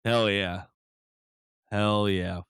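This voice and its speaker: A laid-back man hosting a podcast, his voice a bit low and very smooth and clear. He eases along with plenty of fillers and small restarts. The recording is dry and close, with no room sound. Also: fairly even intonation, extremely slow, fairly bright tone, dry recording. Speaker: podcast host. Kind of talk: casual chat.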